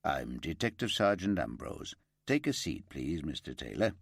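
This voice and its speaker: A man voicing a calm detective sergeant who breaks bad news in a measured, gentle way. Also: a bass voice, creaky, no echo, clean studio sound, pitched below the performer's own voice, exaggerated voice. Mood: grave.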